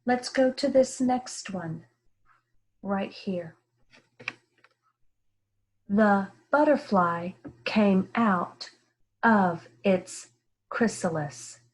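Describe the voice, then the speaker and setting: Slow, careful woman teaching young readers. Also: mid-range voice. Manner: slow, careful, sounding words out clearly. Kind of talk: early-grade reading lesson.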